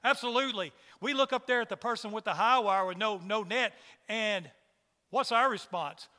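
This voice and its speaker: A man's voice: sits high, moderate pace, sharp tone, in a large hall. A man preaching a sermon to a church congregation, emphatic and repeating his rhetorical questions. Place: church hall.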